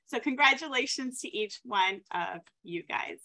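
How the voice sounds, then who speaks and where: Bright, upbeat woman rushing through shout-outs. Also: fairly high pitch, expressive. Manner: upbeat, hurried, apologetic about rushing. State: running out of breath. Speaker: host of a team recognition call. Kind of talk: reading out names in a recognition segment.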